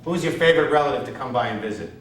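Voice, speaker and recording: A man's voice: mid-range voice, very fast, slight background noise. Brash comedian man in an echoey theater. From Connecticut. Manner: brash, self-mocking, chats with the audience. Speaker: stand-up comedian. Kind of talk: stand-up comedy. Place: theater stage. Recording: echoey hall, distant mic, audience audible.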